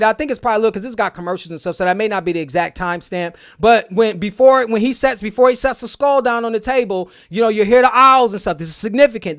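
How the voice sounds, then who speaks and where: A man giving excited, preachy commentary on a film, repeating and stressing his points. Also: high-pitched, clean tone. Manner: emphatic, preachy, swears a lot, repeats phrases.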